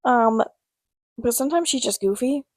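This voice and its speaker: Woman podcast co-host, playful storyteller, a bit high, dry close sound. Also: moderate pace, a little mellow, no echo. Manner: laughing storyteller, chatty and playful. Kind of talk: casual chat.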